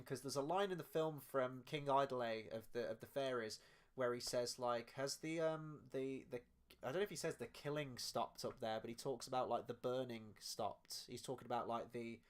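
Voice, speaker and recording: A man's voice: mid-range voice, fairly even intonation, fairly quick. A young adult man co-hosting a casual film review podcast, talking loosely with many restarts and fillers. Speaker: podcast co-host.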